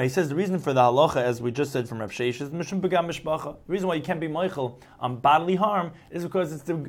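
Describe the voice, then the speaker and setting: A man with a somewhat high voice teaching a Talmud lesson. He works through the text phrase by phrase, glossing each term in English. He acts out the quoted lines by shifting his tone. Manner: explains each phrase in English after reading it; acts out quoted replies with changing tone. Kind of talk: Talmud lecture.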